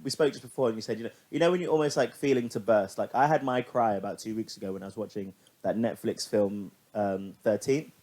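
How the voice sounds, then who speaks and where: A man's voice: on the low side, fast, hardly any pauses, a little mellow. A young man co-hosting a podcast, chatting casually and animatedly, laughing and swearing now and then. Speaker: podcast co-host. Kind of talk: casual chat.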